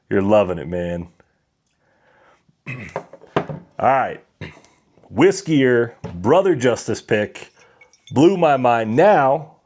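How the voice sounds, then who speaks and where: A man's voice: mid-range voice, darkish tone. A man hosting a casual whiskey livestream, chatting with viewers and reading their comments aloud. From Colorado.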